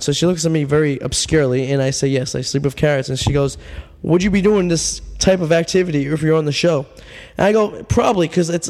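Man, radio host, rambling deadpan storytelling, losing his voice, long reverb. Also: a little high. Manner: rambling, deadpan absurd humor with many fillers. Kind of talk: casual storytelling monologue.

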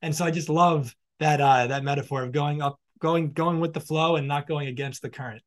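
A man's voice: fairly high pitch, fairly even intonation, brisk. A man hosting a podcast, reflecting in a loose conversational way on a guest's story. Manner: reflective, loose filler-heavy phrasing. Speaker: podcast host. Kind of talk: casual interview reflection.

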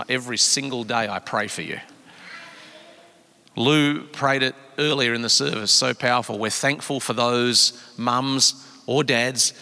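Bright-voiced pastor preaching in a hall. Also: male voice, medium pitch. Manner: emphatic preaching, swinging between hushed and raised lines. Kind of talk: sermon. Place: large church auditorium. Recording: long hall reverb.

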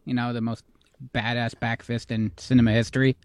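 A man of middle pitch co-hosting a podcast, trading jokes in easygoing banter. The sound is dry and close, with no room around it. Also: flat delivery, brisk, dry recording. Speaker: podcast co-host. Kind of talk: casual chat.

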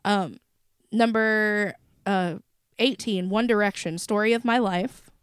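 A woman's voice: medium pitch, slow pace, clean tone, no room sound. Dry-voiced woman podcast co-host. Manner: animated storytelling, swears freely. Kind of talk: casual chat.

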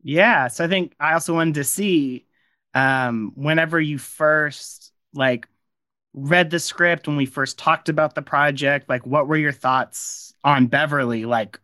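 Bright-voiced man hosting a chatty interview. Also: mid-range voice, dry recording, studio quality. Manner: rambling, friendly tangents with many fillers. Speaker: podcast host and audio drama creator. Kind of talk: casual behind-the-scenes interview.

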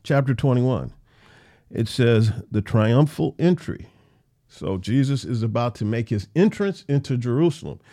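A man's voice: medium pitch, expressive, a little slow, mellow. A man teaching the Bible verse by verse in a conversational way, repeating phrases for emphasis.

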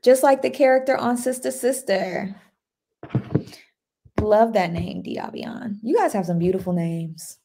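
Speaking at a measured pace, a woman with a medium-pitched, gravelly yet mellow voice hosts a casual livestream. She is chatty and upbeat, greeting people by name as she reads their comments.

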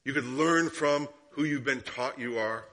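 A man preaching a sermon as guest speaker, telling a story and asking the listeners questions, sometimes dropping to a hushed tone and sometimes rising. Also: medium pitch, unhurried. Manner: drops to hushed tones for story, rises for questions.

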